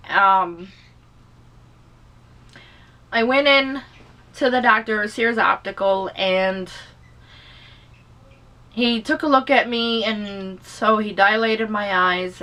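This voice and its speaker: A woman vlogger talks through a personal story in a loose, rambling way, full of "you know" and restarts. She sounds emotional, like she's holding back tears. Her mid-pitched voice sits away from the microphone, so it sounds a little distant. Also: sharp tone. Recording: voice distant from the mic.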